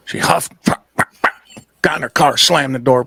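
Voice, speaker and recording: A man's voice: mid-range voice, normal speed, long pauses, fairly bright tone, no echo. Blunt, profane male podcast host. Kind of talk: casual chat.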